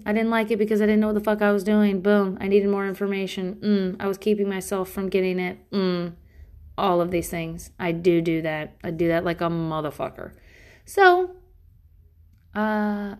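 A woman in a middle pitch range chatting on her own to her viewers. She rambles and swears casually while poking fun at herself, speaking from a bathroom at home. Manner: profane, rambling, animated, self-mocking. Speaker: mother talking to her audience. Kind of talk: casual solo monologue.

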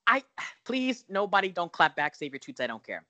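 A man's voice: high voice, sing-song, normal speed, pushed and bright, no room sound. A man co-hosting a podcast, sassy and emphatic, often repeating words as he builds his point. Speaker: podcast co-host. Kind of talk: casual pop-culture chat.

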